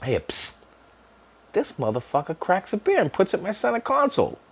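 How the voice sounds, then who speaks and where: A man's voice: high voice, brisk, husky. A middle-aged man casually telling a personal story to camera, swearing freely and laughing often. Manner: profane, laughing often, animated.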